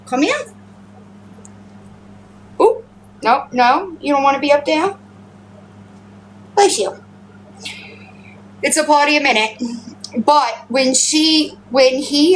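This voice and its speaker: Slow-talking woman on a phone livestream, a bit high-pitched, cussing and chatty, with faint noise behind her. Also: a bit bright, poor audio. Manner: profane, rambling, and chatty, switching to high baby-talk with her pets. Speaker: livestream host. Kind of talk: casual livestream chat. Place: at home with pets.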